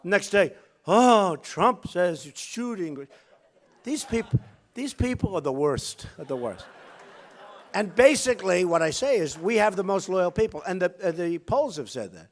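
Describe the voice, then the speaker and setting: Fairly high-voiced male candidate, off-the-cuff rally speech, rambles, repeats himself, brags. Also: big pitch swings, normal speed. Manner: rambling, repetitive, boastful. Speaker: political candidate. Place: rally stage.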